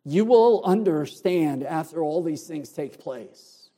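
A man preaching an expository sermon, explaining the Greek words of a passage with deliberate emphasis. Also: fairly high pitch, lively intonation, mellow. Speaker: pastor. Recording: long hall reverb.

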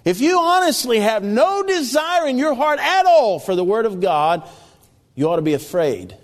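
A man's voice: very high-pitched, big pitch swings, moderate pace, long reverb tail. A man preaching a sermon, reading scripture aloud and repeating key phrases with emphasis.

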